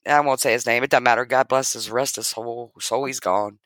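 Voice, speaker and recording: A woman's voice: rumbling low, fairly even intonation, brisk, a bit bright, no echo. A middle-aged woman telling a heartfelt personal story as a guest in an interview, talking earnestly. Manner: earnest, heartfelt, acts out quoted dialogue. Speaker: guest sharing her story.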